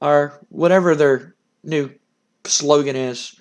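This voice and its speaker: A man's voice: fairly high pitch, slow, darkish tone, smooth. A man casually narrating a wrestling simulation game, rambling, cursing and chuckling as he goes. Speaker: game streamer.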